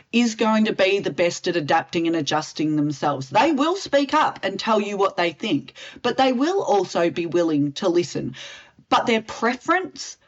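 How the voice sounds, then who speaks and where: A woman, a communications specialist answering interview questions in a direct, expressive way and acting out example lines. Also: medium pitch, lo-fi sound. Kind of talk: interview answers, expert advice.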